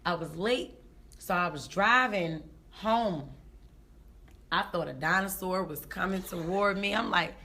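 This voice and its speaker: A woman's voice: fairly low pitch, measured pace. A woman, a comedian telling stories in a casual interview and acting out what people said. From Baltimore, Maryland, USA. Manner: animated, acts out quotes in voices, laughs often. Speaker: comedian guest.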